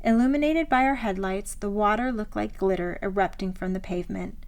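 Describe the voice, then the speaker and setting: Woman reading her memoir aloud. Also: medium pitch. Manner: measured, reflective reading. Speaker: author narrating her memoir. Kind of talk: scripted memoir narration.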